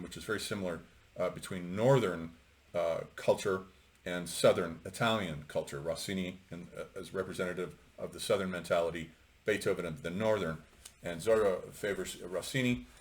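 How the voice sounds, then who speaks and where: A middle-aged man with a very low, deep voice lectures on a novel off the cuff. He rambles and hesitates with plenty of ums and uhs, then turns sharply opinionated. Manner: rambling, opinionated, many fillers. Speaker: lecturer on literature. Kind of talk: unscripted book commentary.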